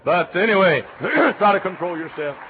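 Older male Texan Baptist preacher; folksy anecdotes, sudden loud shouts; thin phone-like audio. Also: sits high, moderate pace. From Texas. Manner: folksy storytelling, bursts into loud cheers and shouts. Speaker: Baptist pastor. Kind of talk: sermon. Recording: tinny lo-fi sermon recording with faint hiss.

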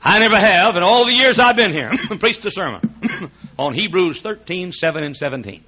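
A man preaching a sermon as pastor, animated and laughing, often restarting his sentences, on a dull lo-fi recording. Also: high-pitched, moderate pace, slightly rough.

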